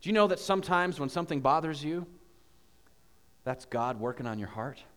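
A man preaching a sermon as pastor, telling a story with animated questions to the congregation. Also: a little high, normal speed, clear, resonant tone, in a large hall. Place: church.

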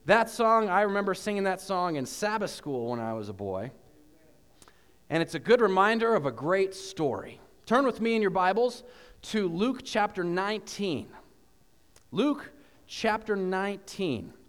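A man preaching a sermon as pastor, telling a story with animated questions to the congregation. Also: high voice, a little slow, in a large hall. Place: church.

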